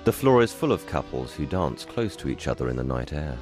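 A man reading an audio description in an even, neutral, scripted way. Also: rumbling low, brisk, music in the background.

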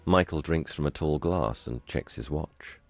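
Very deep-voiced man narrating audio description. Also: unhurried.

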